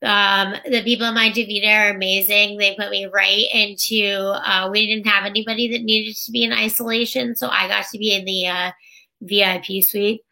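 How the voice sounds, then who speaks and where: Bright, gravelly-voiced woman telling stories. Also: medium pitch, level tone, moderate pace. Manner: chatty, acts out others' lines while telling stories. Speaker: interview guest. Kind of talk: casual personal storytelling.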